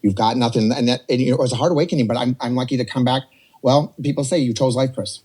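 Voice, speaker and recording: A man in his forties telling a personal story on a podcast, animated and rambling, slipping into voices to act out what others said. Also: medium pitch, fast, breathy edge. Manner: animated, rambling, jumps between quoted voices. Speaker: podcast guest. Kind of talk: casual storytelling.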